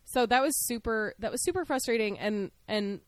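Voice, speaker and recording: A woman's voice: fairly high pitch, moderate pace, dry recording. Outspoken woman podcast host, dry sound. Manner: animated, outspoken, acts out scenes. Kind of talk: casual chat recapping a TV episode.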